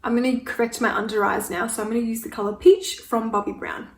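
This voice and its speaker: A woman's voice: fairly high pitch, little pitch movement, fast, gravelly. A woman in her twenties doing a get-ready-with-me Q&A while applying makeup, speaking candidly and growing emotional. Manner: candid, emotional, tearful at times. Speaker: beauty vlogger. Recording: echoey room from a distance with faint noise.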